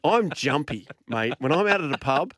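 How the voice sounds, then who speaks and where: A man hosting casual sports radio, cheeky and joking in quick back-and-forth banter. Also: a little high, expressive, fairly bright tone, no echo. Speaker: radio host.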